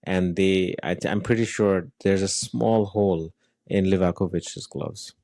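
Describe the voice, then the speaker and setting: A man co-hosting a football podcast, talking in an animated, rambling way with many fillers and restarts. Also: low voice, unhurried, gravelly, dry recording. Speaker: podcast co-host. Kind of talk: casual football chat.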